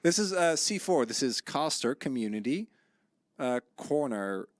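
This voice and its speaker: A tired male esports caster in giggly, self-mocking chat with his co-host. His pitch rises and falls a lot as he rambles along. The sound is dry and close. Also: very animated, unhurried, no echo. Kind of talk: casual chat between casters.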